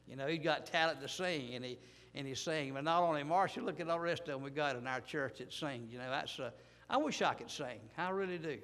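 A man's voice: on the high side, brisk, fairly bright tone. A man preaching a folksy, rambling sermon, humble and self-deprecating, repeating his words as he goes. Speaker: pastor. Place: church. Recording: echoey church hall.

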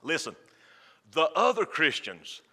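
Preacher man, fired up and folksy, sharp forceful voice echoing round a big church. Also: fairly high pitch, wildly swooping pitch, a little slow. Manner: fervent, folksy, joking with the congregation. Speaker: pastor. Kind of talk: sermon. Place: church sanctuary. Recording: long church reverb.

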